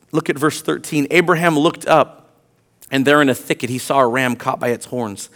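With a fairly high pitch, a male pastor reads scripture aloud during his sermon, alternating hushed, lingering lines with loud, emphatic bursts.

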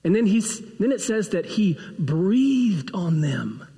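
A pastor preaching a sermon, retelling a gospel story and acting out the voices of its figures. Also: male voice, high-pitched, big pitch swings, slow, gravelly, dark tone. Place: church sanctuary. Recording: long hall reverb.

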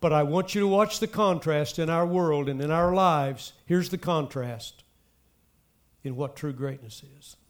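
A man preaching a sermon, speaking straight to the congregation with emphatic swells and soft drops. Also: fairly high pitch, measured pace. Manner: addresses the congregation directly. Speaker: pastor.

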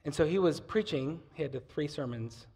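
A male pastor preaching a sermon with passion, swinging between loud emphasis and near-whispers. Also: a little high, lively intonation, brisk, vocal fry.

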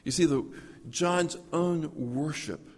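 A man preaching a sermon, explaining scripture through everyday illustrations and swinging from loud, emphatic lines to hushed ones. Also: on the high side, slow, long reverb tail. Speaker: pastor.

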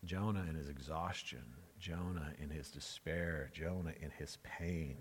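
A man's voice: deep voice, a little fast, hardly any pauses, long reverb tail. A man preaching a sermon as pastor, emphatic and conversational, repeating phrases for effect.

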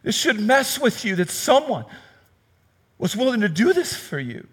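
A man's voice: big pitch swings, unhurried, slightly rough, long reverb tail. Man preaching with big swings in volume. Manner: dynamic delivery swinging from loud bursts to hushed low reading; conversational preaching, reading scripture aloud. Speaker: pastor. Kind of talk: sermon.

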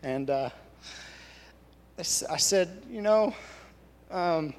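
A man, a church elder, giving a halting, earnest personal testimony to his congregation. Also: sits high, lively intonation. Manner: halting, earnest storytelling with many restarts. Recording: long reverb of a large hall.

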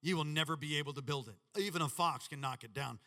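Preacher guy, really bright voice, big swings, booming long reverb. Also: fast talker. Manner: animated, dramatic preaching with shouts. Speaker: pastor. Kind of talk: sermon.

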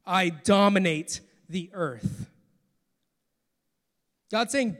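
Man preaching from the pulpit, earnest, dropping quiet then pushing loud; sits high in pitch, big reverberant church hall. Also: normal speed. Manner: earnest, swings from soft to forceful. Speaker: pastor. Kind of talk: sermon.

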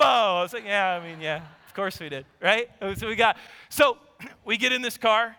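High-voiced bright preaching man, church reverb. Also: smooth. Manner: animated, swings from low asides to shouted emphasis. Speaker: pastor. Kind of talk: sermon with personal story. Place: church sanctuary.

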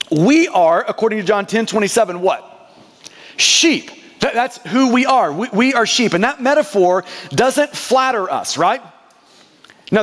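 High-voiced preacher in a reverberant hall. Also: male voice, fairly bright tone. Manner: emphatic, repeats words with stutter-starts. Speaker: pastor. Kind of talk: sermon.

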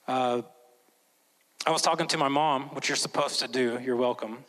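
A man preaching a sermon as a pastor, swinging between loud, emphatic lines and hushed, slow ones. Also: medium pitch, steady tone, rough recording. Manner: slows down and whispers for emphasis.

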